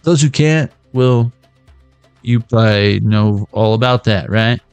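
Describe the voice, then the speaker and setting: A man's voice: lowish voice, measured pace, a little mellow, clear, resonant tone, dry recording, faint music behind. A man giving a casual, joking tarot reading on a livestream. He rambles and swears freely. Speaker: tarot reader.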